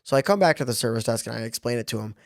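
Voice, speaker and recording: A man's voice: medium pitch, animated, rapid-fire, dry recording, clean studio sound. A young man co-hosting a podcast, telling a work story in casual chat with wry, joking asides. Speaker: podcast co-host.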